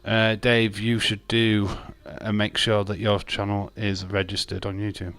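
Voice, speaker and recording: A man's voice: lowish voice, monotone, a little slow, fairly bright tone, no echo. A man hosting a live watch-along, chatting casually and joking with his viewers, often laughing. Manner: talks to viewers and chat by name. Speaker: livestream host.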